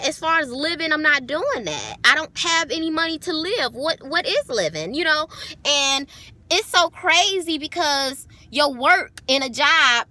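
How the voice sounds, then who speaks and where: A woman's voice: sits high, bright, forceful tone, no echo. A woman, talking straight to camera in a casual vlog, blunt and profane, telling her story with lots of animation. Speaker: vlogger.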